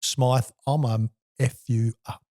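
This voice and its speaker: A man's voice: medium pitch, fairly even intonation, slow, warm tone, no echo, studio quality, lightly acted. A man in his sixties imitating a towering male basketball star who threatens him with profane street-style trash talk. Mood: menacing.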